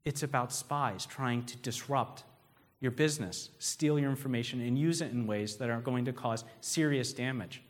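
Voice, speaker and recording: A man's voice: mid-range voice, normal speed. A man giving a talk in an echoing hall. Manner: conversational storytelling, asks the audience questions. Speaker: speaker. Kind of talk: keynote talk. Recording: long hall reverb.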